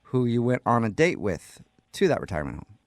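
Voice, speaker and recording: A man's voice: medium pitch, brisk, no echo, studio quality. A man co-hosting a morning radio show, joking and teasing in playful banter. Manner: playful, teasing, deadpan jokes. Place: radio studio.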